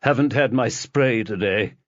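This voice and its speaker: A man's voice: medium pitch, a little slow, dry recording, lightly acted. A man voicing an awkward, fidgety male friend who speaks hesitantly and apologetically, in a dull lo-fi recording.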